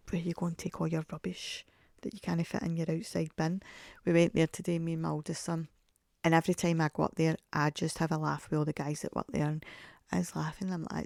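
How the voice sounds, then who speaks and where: Chatty gravelly woman. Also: on the low side, darkish tone, no room sound, studio quality. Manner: chatty storyteller, laughs often, acts out quoted voices. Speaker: podcast host. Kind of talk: casual solo podcast chat.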